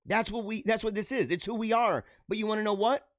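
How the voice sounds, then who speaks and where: Man, high voice, preachy and exuberant, dry close sound. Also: fast, no echo. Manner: preachy and exuberant, laughs often. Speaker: live show host. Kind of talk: motivational monologue.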